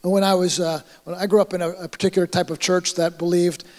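A middle-aged male pastor preaches in a casual, conversational way, acting out little scenes as he goes. His voice sits fairly high for a man. The sound carries the long reverb of a church hall. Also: flat delivery, fast talker, a little mellow. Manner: conversational preaching with acted-out asides. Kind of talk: sermon.

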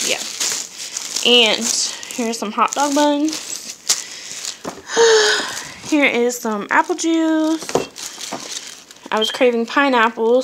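A woman chatting casually over noise. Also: fairly high pitch. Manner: chatty, with frequent ums and trailing asides. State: briefly out of breath. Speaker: vlogger showing a grocery haul. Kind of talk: casual chat.

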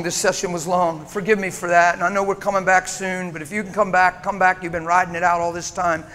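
High-voiced impassioned man preaching. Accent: American. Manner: impassioned, swinging from loud urging to hushed. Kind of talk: sermon. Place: church sanctuary.

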